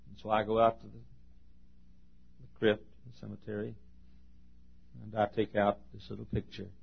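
A middle-aged man preaching a sermon, his voice dropping to a hush and then rising to loud, shouted exhortation. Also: on the low side, gravelly, breathy edge, highs cut off.

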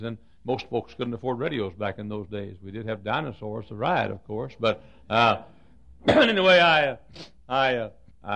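An older man preaching a sermon, telling folksy stories with stammered restarts and sudden swings from loud to soft. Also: fairly low pitch, creaky.

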